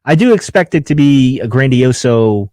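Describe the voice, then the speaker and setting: A man's voice: mid-range voice, lively intonation, moderate pace, darkish tone, no echo. Chatty podcast host man, dry close sound. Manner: chatty, rambling, lots of fillers and restarts. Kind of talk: casual chat.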